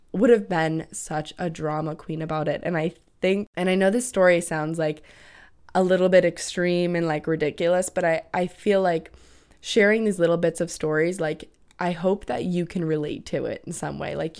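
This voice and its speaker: Casual young woman podcasting, lots of vocal fry, kinda low, chatty and swears a bit. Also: steady tone, normal speed. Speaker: podcast host. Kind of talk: casual solo podcast chat.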